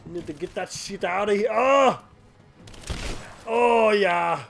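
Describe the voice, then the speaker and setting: A let's play commentator who yells, taunts enemies and swears a lot while playing. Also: mid-range voice, slow pace, vocal fry, soft background music. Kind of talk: gameplay commentary.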